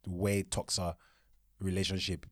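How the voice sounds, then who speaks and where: A man's voice: sits low, little pitch movement, measured pace, a bit bright, no echo, clean studio sound. A young man co-hosting a couple's vlog in casual chat, joking and teasing in an easygoing way.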